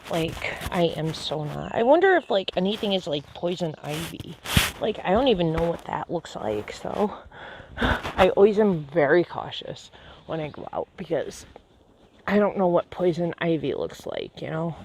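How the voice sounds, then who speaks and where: A woman's voice: fairly low pitch, big pitch swings, normal speed. A woman vlogging on a nature trail, breathless and chatty, full of fillers and amazement, speaking outdoors into a handheld camera. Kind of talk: casual walking vlog. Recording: noisy outdoor handheld recording.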